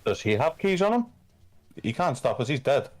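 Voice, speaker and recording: A man's voice: medium pitch, sing-song, normal speed. A man, playing a tabletop game, blunt and laying out his moves aloud. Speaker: player. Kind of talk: casual tabletop play.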